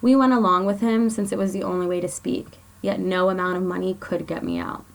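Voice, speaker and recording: A woman's voice: on the low side, animated, fairly quick, vocal fry. A woman blogger reading her own personal story aloud in an earnest, confessional way.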